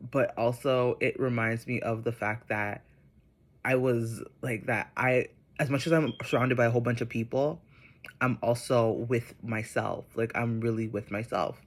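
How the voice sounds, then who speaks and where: A man vlogging casually, telling a personal spiritual story in a chatty, rambling way with many fillers, turning soft and reflective. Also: mid-range voice, steady tone, measured pace.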